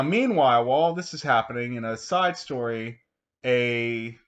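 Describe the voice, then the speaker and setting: A man giving a casual, sarcastic book review, animated and swearing freely. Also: mid-range voice.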